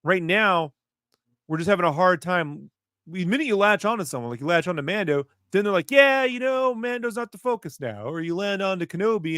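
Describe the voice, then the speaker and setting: A man's voice: high-pitched, fairly bright tone, no echo, clean studio sound. A man co-hosting a casual livestream, joking and sarcastic as he talks. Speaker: podcast co-host.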